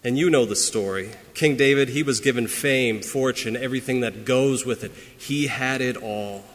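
A man preaching a sermon as pastor, earnest and emphatic, pressing some lines hard and dropping others to a hush. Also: medium pitch, normal speed, in a large hall.

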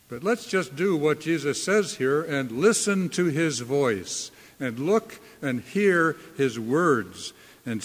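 A man preaching a sermon as a pastor, slow and deliberate, leaning hard on key words. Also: medium pitch, in a large hall.

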